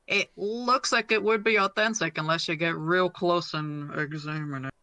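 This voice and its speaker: A man's voice: fairly high pitch, fairly even intonation, moderate pace, bright, forceful tone, clear, resonant tone, dry recording. A man playing a tabletop game, describing his actions in a rambling, hesitant way. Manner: rambling, hesitant, with frequent fillers and laughter. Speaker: player. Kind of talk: casual tabletop play.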